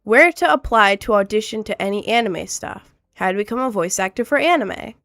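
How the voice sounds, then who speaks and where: A woman in her late teens streams live with faint music in the background, her medium-pitched voice a bit bright with lively intonation. Congested from a cold, she sounds slightly nasal as she rambles cheerfully and laughs quickly.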